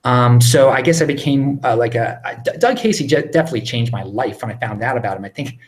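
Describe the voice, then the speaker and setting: A man in his thirties from Baltimore, hosting a casual live Q&A at home, rambling and excitable with many restarts. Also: medium pitch, fast. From Baltimore, USA. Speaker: livestream host answering viewer questions. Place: home, indoors.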